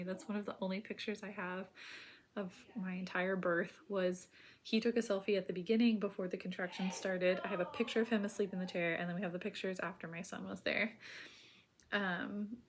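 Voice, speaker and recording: A woman telling her own birth story in casual, rambling speech full of filler words, now and then dropping to a soft near-whisper. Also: mid-range voice, slight background noise.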